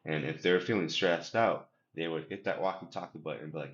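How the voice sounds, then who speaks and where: A man's voice: very deep voice, a little fast. A man coaching on emotional regulation, speaking earnestly in a rambling podcast interview, often repeating his words. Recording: roomy, dull lo-fi sound.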